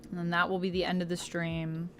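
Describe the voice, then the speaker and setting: A woman with a lowish voice chats on a relaxed livestream as she colors. She talks easily and reads out and thanks her viewers one after another. Soft music plays quietly under her voice. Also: brisk. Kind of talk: casual livestream chat while coloring. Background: faint background music.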